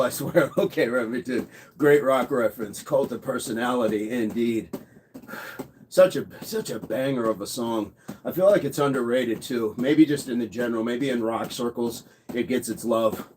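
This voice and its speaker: A man hosting a daily live workout stream, counting reps out loud while exercising and chatting with viewers by name. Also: mid-range voice, slight background noise. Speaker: fitness livestream host. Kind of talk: live workout coaching and chat.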